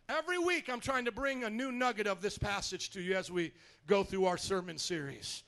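A man preaching a sermon as pastor in a church, animated and calling out to the congregation for responses. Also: sits high, normal speed, some chatter behind.

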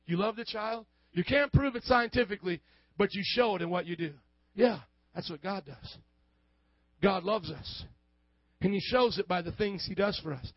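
A man preaches with fervor and a strikingly high voice. He acts out both sides of each argument and builds up to shouted points. The recording sounds muffled and dry, with no room echo. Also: expressive, normal speed, slightly rough. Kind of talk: sermon.

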